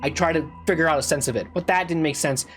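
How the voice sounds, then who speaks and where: A man with a slightly high voice talks fast over faint background music, rambling through a casual game review. He repeats himself, restarts, and swears, and his exasperation builds into loud complaining.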